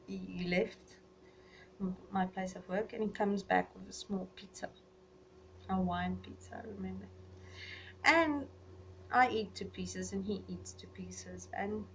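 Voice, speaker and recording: A young woman vlogger casually recounting personal memories, rambling and getting animated when she retells conversations. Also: mid-range voice, gravelly. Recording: voice a little far from the mic, faint background noise.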